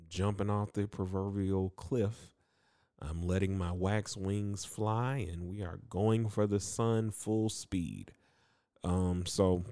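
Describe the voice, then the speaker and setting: Deep-voiced man rambling on a podcast. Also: warm tone, no room sound, clean studio sound. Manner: rambling, filler-heavy, self-mocking asides; upbeat, chummy, addresses listeners as man and guys. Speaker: podcast host. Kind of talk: casual solo podcast monologue.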